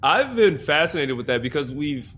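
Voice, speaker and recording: A man's voice: fairly high pitch, very animated, normal speed, fairly bright tone. A man who hosts a comedy club, chatting casually, telling stories, laughing a lot and acting out quotes. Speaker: comedy club host, runs open mic. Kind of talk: casual chat.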